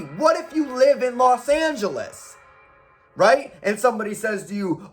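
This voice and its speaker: A man's voice: high voice, a little slow. A man reviewing horror movies in a casual, argumentative monologue, full of rhetorical questions and the odd curse. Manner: animated, rhetorical questions, profane.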